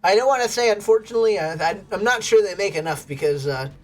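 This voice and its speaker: An American woman livestreaming a game is a fast talker with a medium-pitched, expressive voice. She chats casually and cheerfully with her viewers, laughing a lot.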